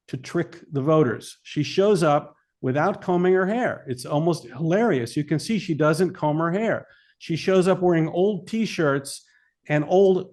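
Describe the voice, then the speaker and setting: A man's voice: a little high, a little mellow. A man speaking as a filmmaker guest in an interview, emphatic and argumentative. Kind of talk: interview talk.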